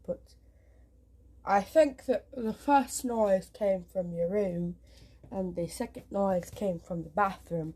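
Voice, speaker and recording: A woman vlogging from a dark room at home, rambling with frequent restarts, jumpy and swearing often. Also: mid-range voice, slow, husky. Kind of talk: casual home vlog.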